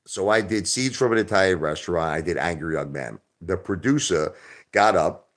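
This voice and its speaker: Deep-voiced man rambling on a livestream. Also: lively intonation, moderate pace. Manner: rambling, repetitive, swings between loud outbursts and low muttering; minces swear words into euphemisms. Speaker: livestream host. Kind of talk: casual livestream monologue.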